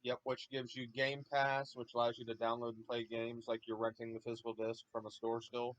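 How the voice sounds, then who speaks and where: A man's voice: mid-range voice, monotone, a little fast, fairly bright tone, no echo, low-quality recording. A man on a stream's voice chat, casually explaining things in a matter-of-fact way. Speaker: co-host friend on voice chat.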